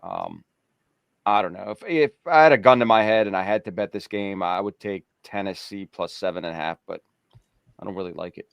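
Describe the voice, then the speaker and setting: Co-host, smooth resonant low voice, dry recording, measured analysis. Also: male voice, big pitch swings, dry recording, lo-fi sound. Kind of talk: casual sports betting chat.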